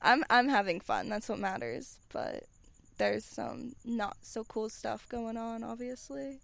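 A woman's voice: on the high side, measured pace, creaky. A young woman with a slight lisp, chatting as a guest, rambling and laughing often. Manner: giggly, rambling, many "like"s. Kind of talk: casual chat.

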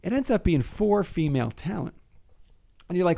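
A man with a slightly raised pitch hosting a loose, casual chat. He talks in a profane, playful way and acts out little scenarios as he goes. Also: sing-song, normal speed, gravelly, pauses often, dark tone. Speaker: podcast host.

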